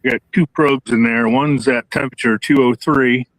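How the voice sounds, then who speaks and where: An easygoing man calls into a live stream from outdoors. His voice is dry and close, with no room echo. His pitch sits in an ordinary middle range for a man. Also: fairly even intonation, moderate pace, a bit bright. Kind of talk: casual chat. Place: outdoors beside a smoker.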